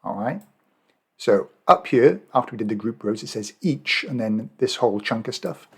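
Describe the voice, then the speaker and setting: A man's voice: medium pitch, lively intonation, moderate pace, fairly bright tone, slightly rough. An Australian man walking viewers through a spreadsheet task in a casual screen-recorded tutorial, thinking aloud with fillers and self-corrections. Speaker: Excel and Power BI trainer.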